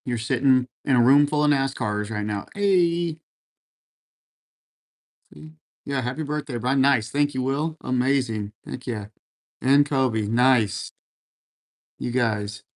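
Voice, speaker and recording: His mid-range voice holds a steady tone and moves a little slow as he hosts a relaxed livestream in a room at home full of racing gear. The man reads viewer comments and responds with laid-back encouragement, often calling people man and brother.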